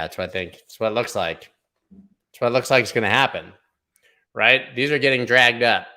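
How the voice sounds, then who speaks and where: During a loose livestream of chart commentary, a male crypto analyst thinks out loud and jokes as he rambles. His slightly low voice sounds bright and pushy, with a punchy edge to each remark.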